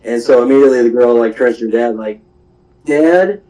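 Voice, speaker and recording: Speaking in a mellow, low-key, mid-range voice with little pitch movement, a young man recaps an anime episode at a quick pace. It sounds like unscripted chat, loose and rambling, full of "um"s, asides, fillers and laughs. The recording is rough.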